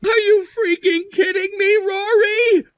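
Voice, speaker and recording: Frantic, cornered husband in a storybook drama, a man reading; slow, drawn-out lines, dry close sound. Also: very high-pitched, big pitch swings, a bit bright, no echo, exaggerated voice. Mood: shocked. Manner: stammering, frantic outbursts. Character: panicking cheating husband, desperate and defensive.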